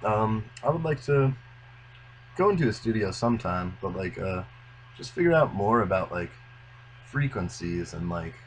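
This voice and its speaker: A young man in his twenties, a musician guest in a casual interview, speaking earnestly and unhurriedly, often trailing off softly. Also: lowish voice, lively intonation, normal speed, a little hiss or hum, rough recording.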